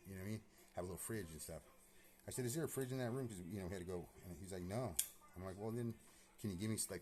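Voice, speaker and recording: A man with a low, deep voice talks quickly in a rambling personal monologue. He sounds agitated and keeps repeating himself, with fillers and frequent swearing. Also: darkish tone. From California. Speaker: vlogger.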